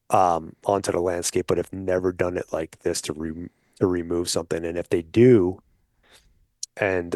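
A man with a fairly low voice talks casually on a podcast, building a persuasive case step by step. His voice is close and dry, with no room sound, and he keeps pulling the listener along with little check-ins. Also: darkish tone, dry recording. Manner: persuasive, explanatory, addresses listeners directly with "okay?". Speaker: hunting advocate guest.

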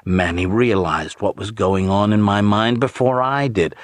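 Slow, low-voiced male narrator. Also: dry recording. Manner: measured, steady storytelling. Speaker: audiobook narrator. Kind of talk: first-person audiobook narration.

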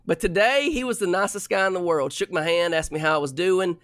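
Young male storyteller, exasperated and lively, slightly high, close dry mic. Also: fairly quick, no echo. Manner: animated, exasperated retelling. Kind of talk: casual storytelling.

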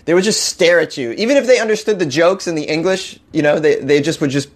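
A man's voice: on the high side, expressive, quick pace. A young man hosting a casual comedy news podcast from his apartment, rambling and laughing at his own jokes. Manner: rambling, self-amused, laughs often. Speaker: podcast host. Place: hot apartment.

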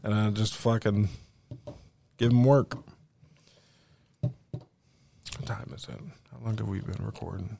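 A man hosting a home podcast, telling an animated, profane story in casual chat and acting out the voices of the people he quotes. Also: fairly low pitch, takes it slowly, gravelly, pauses often, noisy background. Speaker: podcast host.

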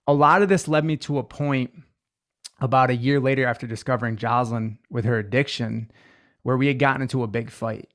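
A man in his twenties, a guest in an interview, telling his life story in an earnest, emotional way, slowing down on the heavy moments. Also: mid-range voice, steady tone, a bit bright.

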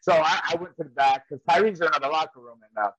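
A man's voice: on the high side, fast talker, fairly bright tone, no room sound, lo-fi sound. A man and former wrestler telling rambling stories in casual chat, often laughing as he goes. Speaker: professional wrestler and trainer.

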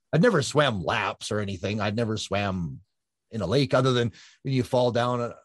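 Man in his 50s, interview guest, rambling animated storyteller, lowish husky voice. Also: dry recording, clean studio sound. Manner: animated storyteller with lots of fillers and restarts. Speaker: guest, ultra-endurance triathlete.

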